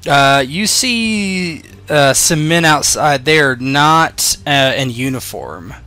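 Man putting on a calm German woman agent. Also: a little high, a little hiss or hum, exaggerated voice. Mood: persuasive. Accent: put-on German accent. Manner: calm, persuasive, measured. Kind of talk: tabletop game voice acting.

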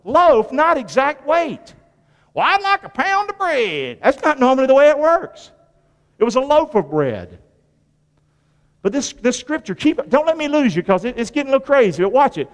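A man's voice: extremely high pitch, sing-song, normal speed. A male pastor preaching a sermon, quizzing his congregation and repeating phrases for emphasis in a folksy way. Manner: call-and-response preaching, asking the congregation questions; folksy, repetitive emphasis with sudden rises and drops. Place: church. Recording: long hall reverb from church sanctuary.

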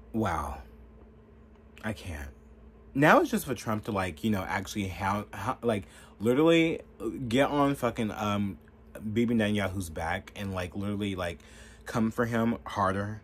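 A man's voice: lowish voice, slight background noise. A man ranting through political commentary in a heated, profane way, filling his talk with "like". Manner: profane, heated, lots of fillers.

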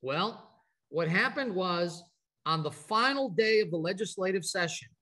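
A middle-aged man from Texas gives an informal presentation at an advocacy training event, telling stories conversationally and breaking off into asides and restarts. His high voice sounds pushed and bright, animated yet at a measured pace.

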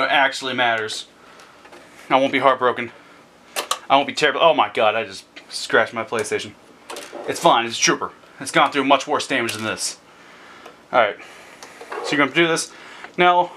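A young man hosting a casual repair video, excitable and rambling, out of breath. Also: mid-range voice, slight background noise.

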